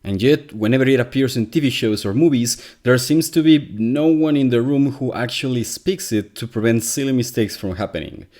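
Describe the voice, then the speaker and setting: A man's voice: mid-range voice, moderate pace, few pauses, darkish tone. Wry native Spanish-speaking man. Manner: wry, exasperated. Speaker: commentary video host. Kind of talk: scripted commentary.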